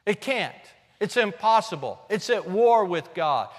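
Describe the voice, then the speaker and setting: A man preaching a sermon with passion, swinging between shouted praise and hushed appeals, with folksy, humorous asides. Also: sits high, sing-song, measured pace, long reverb tail.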